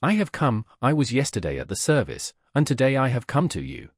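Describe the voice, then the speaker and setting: A man reading the part of a grieving middle-aged peasant woman who speaks in a slow, sing-song, pleading lament. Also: medium pitch, very animated, slightly rough, no echo, studio quality.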